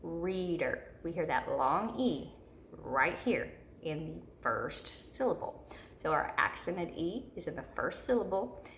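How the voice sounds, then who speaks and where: Woman teacher, low gravelly voice, patient repetitive explaining, roomy echo, faint hum. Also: animated, slow, fairly bright tone. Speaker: third grade teacher. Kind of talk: recorded video lesson.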